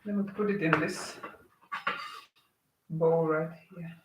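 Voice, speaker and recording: A woman's voice: deep voice, fairly even intonation, takes it slowly. A woman hosting a casual live cooking stream, chatting with viewers and greeting them as they join. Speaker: cooking livestream host. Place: home kitchen. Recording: roomy, distant, with clear background noise.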